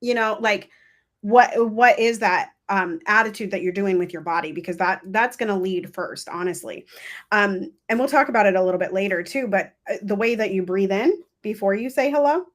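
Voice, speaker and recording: A woman hosting a coaching masterclass, teaching in a chatty, animated way. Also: medium pitch. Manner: chatty, animated, laughs and acts out examples. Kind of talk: casual livestream teaching.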